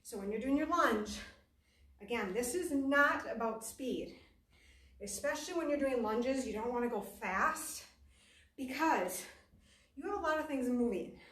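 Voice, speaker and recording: In an echoey room, heard from some way off, a woman instructor chats through a workout class as she exercises, self-deprecating and now and then breathless. Her high-pitched, animated voice has a fairly bright tone. She takes her time and pauses often.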